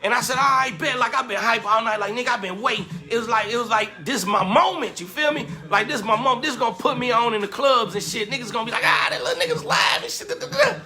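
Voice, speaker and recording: High bright-voiced dude telling club stories, lots of slang, faint music under it. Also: male voice, fast, hardly any pauses. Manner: animated, slangy, acts out quotes with laughter. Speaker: storyteller, former club hype man. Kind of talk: casual storytelling.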